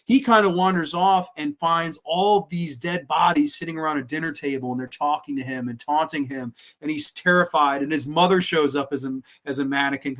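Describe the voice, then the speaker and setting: A man's voice: fairly high pitch, fairly bright tone. A man hosting a horror film podcast in an enthusiastic, profane, casual way, with lots of fillers and restarts. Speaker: podcast host, film reviewer.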